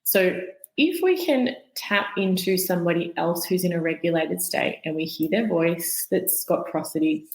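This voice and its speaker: Calm woman explaining, echoey room. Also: on the low side, moderate pace, hardly any pauses. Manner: calm, explanatory, demonstrates voices. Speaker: guest expert. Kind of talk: explanatory interview talk.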